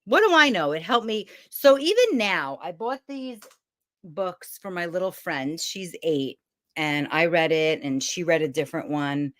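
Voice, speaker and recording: Chatty middle-aged woman from brooklyn, lots of asides, really expressive pitch, dry close mic. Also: unhurried, no room sound. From Brooklyn, New York. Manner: chatty, animated, rambling with asides. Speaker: host of a self-help challenge series. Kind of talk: casual motivational talk to camera. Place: home room with bookshelves.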